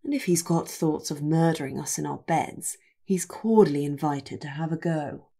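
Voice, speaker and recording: A woman's voice: low-pitched, normal speed, warm tone, slightly rough. A woman doing a curt young lord. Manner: curt, savage. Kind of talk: audiobook character voice.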